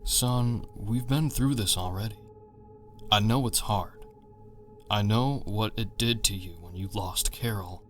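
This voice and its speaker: A man voicing a patient older father who speaks calmly and soothingly. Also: on the low side, a little slow, faint music behind. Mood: gentle concern. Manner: calm, soothing, concerned. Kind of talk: storytelling narration.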